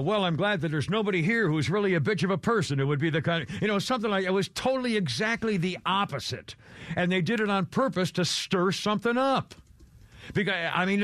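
A man's voice: a little high, a bit bright, no room sound. An older man hosting a talk radio show, rambling through gossip with wry, self-deprecating humor. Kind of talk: casual talk radio chat.

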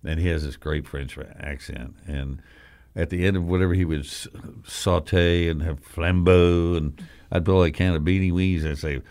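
An older man with a very low voice hosts a radio talk show from the studio. He rambles through folksy stories with jokey asides, relaxed and conversational. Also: moderate pace. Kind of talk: casual studio chat.

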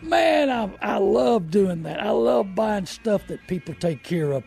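A man's voice: high-pitched, expressive, measured pace, gravelly, a little mellow, husky, soft background music. A man hosting a call-in radio show, talking in a folksy, preachy, down-to-earth way.

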